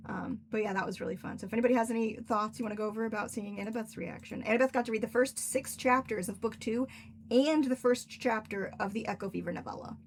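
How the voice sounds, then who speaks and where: A woman's voice: fairly high pitch, fairly even intonation, quick pace, a little hiss or hum. A woman author hosting a casual livestream, chatty and rambling, laughing often.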